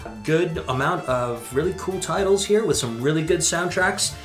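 A man's voice: fairly high pitch, animated, moderate pace, fairly bright tone. A man in his thirties co-hosting a casual chat about game music, upbeat and talking at length. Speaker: podcast co-host. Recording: roomy echo, faint music.

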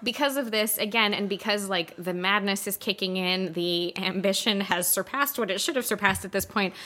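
A woman co-hosting a casual podcast chat, recapping a film story with lively acted-out quotes, frequent laughs and casual swearing. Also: mid-range voice. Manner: animated, acts out characters in quick quotes, laughs often, swears casually. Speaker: podcast co-host.

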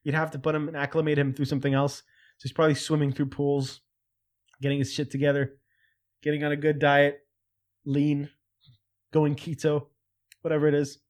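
A man hosting a casual solo commentary, animated and jokey, getting louder when he mimics other people. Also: fairly high pitch, a little fast, long pauses. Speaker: host.

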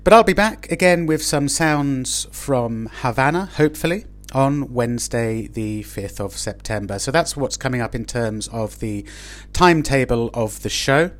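A man's voice: mid-range voice, expressive, moderate pace, few pauses. A man hosting a casual podcast, chatty and jokey, playfully mimicking other people. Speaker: podcast host. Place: restaurant table with guests.

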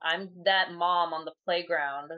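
A woman's voice: on the low side, fairly even intonation, a little slow, dull audio. A woman guest on a podcast chatting casually, rambling through her thoughts with frequent laughter. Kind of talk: casual chat.

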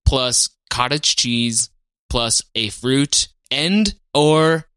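A man's voice: medium pitch, extremely slow, bright, forceful tone, clean tone, dry recording, studio quality. A man co-hosting a podcast, easygoing and thinking aloud in casual chat. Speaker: podcast co-host.

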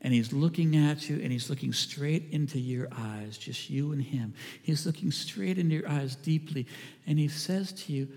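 An earnest male pastor delivers a sermon in a fairly high voice, often falling to a hush. His voice rings out with a long reverb through a church sanctuary. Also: normal speed. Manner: earnest, drops to a hushed voice for quoted lines.

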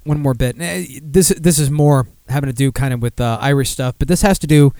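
Brief: male podcast host, mid-pitched, cursing and rambling, dry close mic. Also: a little fast, warm tone, no echo. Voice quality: profane, rambling, self-mocking. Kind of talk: casual podcast chat and news reading.

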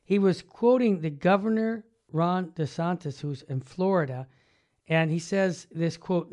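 A man's voice: high voice, animated, moderate pace, darkish tone. A man hosting a talk show in casual chat, jumping in with eager, emphatic remarks.

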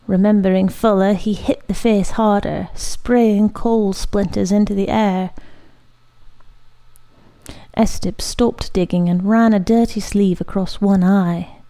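A woman reads a literary short story aloud in a steady, measured way. Her voice is dark and mellow with a gravelly fry, and she takes her time over each phrase. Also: medium pitch. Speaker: narrator.

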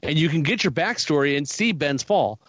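A man's voice: fairly high pitch, expressive, moderate pace, dry recording. A man co-hosting a podcast, rambling enthusiastically about a fan topic with many fillers. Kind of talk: casual podcast chat. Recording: slightly muffled dry audio.

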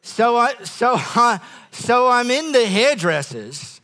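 A man's voice: very high voice, very animated, takes it slowly, bright, forceful tone. A man with an Australian accent preaching a sermon as the pastor, rambling through comic stories with frequent asides and restarts. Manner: rambling, self-interrupting storyteller with comic asides.

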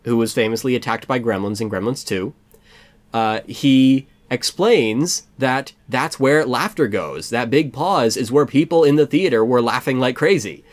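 An American man chatting on a podcast about films. He rambles, piles on asides and jokes, speaking at an ordinary middle pitch. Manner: rambling, joking, quick asides. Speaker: podcast co-host. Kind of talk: casual movie review chat.

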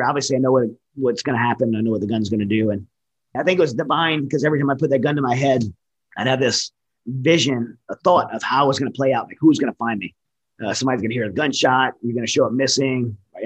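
A man's voice: medium pitch, breathy edge, rough recording. A man who served in the military giving an earnest, candid personal testimony in conversation, often restarting his sentences. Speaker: military veteran guest.

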